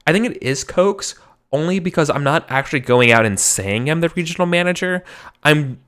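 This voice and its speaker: A man's voice: on the high side, lively intonation, fairly quick, fairly bright tone. A man with a Californian accent, playing in a tabletop game and talking casually, with lots of restarts and laughs. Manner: rambling, restarts, laughs a lot. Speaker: player.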